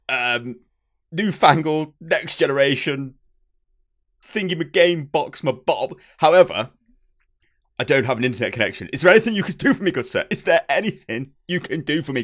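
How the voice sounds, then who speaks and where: A man voicing a pompous Victorian English gentleman with a put-on posh accent. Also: animated, normal speed. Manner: posh put-on accent, exaggerated, high and loud.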